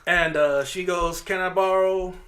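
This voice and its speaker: A man co-hosting a podcast, telling a profane, animated story and acting out the voices of the people in it. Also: sits high, unhurried, background noise. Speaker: podcast co-host. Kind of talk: casual storytelling chat.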